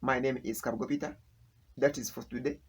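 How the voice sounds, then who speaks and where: A man's voice: mid-range voice, steady tone, brisk, heavy background noise. A man teaching a casual spoken lesson, patiently repeating each sound and example. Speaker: language teacher.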